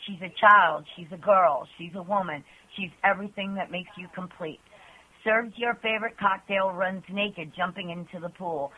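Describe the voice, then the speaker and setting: A woman's voice: on the low side, normal speed, sharp tone, husky. A woman caller on a call-in show, reading her own poems in an earnest, chatty way. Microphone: telephone. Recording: tinny phone line.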